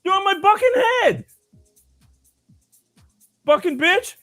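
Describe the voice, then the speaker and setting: A man's voice: very high-pitched, sing-song, slow pace, pushed and bright, no room sound, faint music behind, voice pushed up, exaggerated voice. A man voicing a little boy in a pirate costume who talks with a thick nasal slur while trick-or-treating. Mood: shouting eagerly. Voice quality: nasal, slurred.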